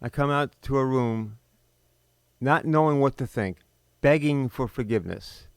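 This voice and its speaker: A middle-aged man hosting a podcast, telling a personal story in a blunt, bitter, emphatic way with sudden pauses. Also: medium pitch, clear, resonant tone, no echo. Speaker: podcast host.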